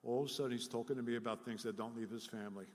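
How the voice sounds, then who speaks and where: A middle-aged man from City, telling animated, self-deprecating stories as a speaker at a recovery workshop. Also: mid-range voice, rapid-fire. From Jersey City, New Jersey. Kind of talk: live storytelling talk. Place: workshop hall before an audience. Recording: echoey hall with long reverb.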